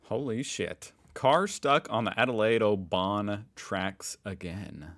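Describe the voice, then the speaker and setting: Lively, chatty American man reacting. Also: lowish voice, takes it slowly. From United States. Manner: chatty, joking, reads posts aloud and reacts. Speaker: reaction video host. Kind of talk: casual reaction commentary.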